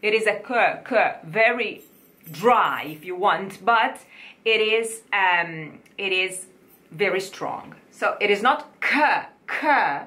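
Slow-paced woman teaching diction. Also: medium pitch, bright, forceful tone. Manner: slow, repeating words for the listener to copy. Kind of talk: online diction lesson.

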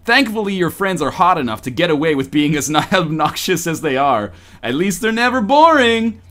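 A podcast co-host with a slightly high voice reads a romance story aloud at normal speed. He's animated and keeps breaking off for joking asides.

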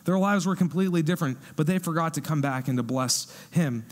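A male pastor giving a sermon in a conversational, animated way. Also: fairly high pitch, fast. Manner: conversational, animated when acting out quotes.

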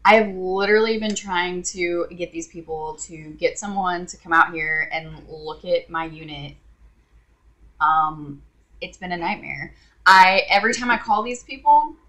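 A woman's voice: medium pitch, sharp tone. A woman vlogger telling an exasperated, sarcastic story to her viewers in a casual rant. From Indiana.

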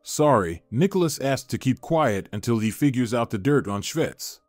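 A man reading the part of a tense, vengeful young woman who speaks quietly. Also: mid-range voice, expressive, moderate pace, dry recording, soft background music, natural voice.

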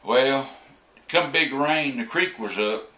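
A man in his seventies with a Southern American drawl tells a homespun funny story, unhurried and full of pauses. His voice is bright and a little sharp. The room around him gives it a clear echo. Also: medium pitch. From Southern United States. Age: 70s. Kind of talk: folksy humorous storytelling.

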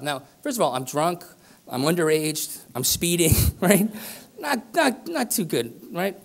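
A man's voice: on the high side, animated, normal speed. A middle-aged man telling a rambling, self-deprecating story to a live audience, peppering it with "right?" and "you know". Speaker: business speaker. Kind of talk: storytelling keynote speech. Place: conference room with live audience.

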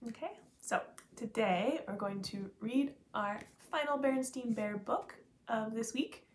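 A woman teacher reading a children's picture book aloud in an expressive way. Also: on the high side, a little slow, slight background noise. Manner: expressive, animated.

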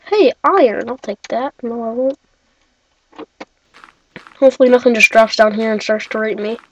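A young woman giving excitable, chatty let's-play commentary, talking to herself and shrieking when startled. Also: a little high, moderate pace, muffled recording, noisy background. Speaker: gaming video creator.

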